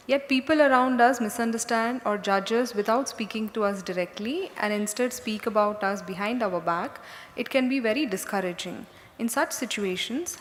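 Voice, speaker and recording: Woman, audience question, measured, sincere, fairly high voice, long hall reverb. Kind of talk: reading a question aloud. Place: large hall.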